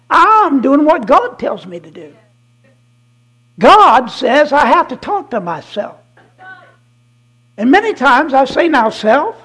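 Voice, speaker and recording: Swinging between shouted proclamations and quiet asides, a guest preacher delivers a fiery sermon full of emphasis and repetition. The voice is high and husky, heard through poor audio.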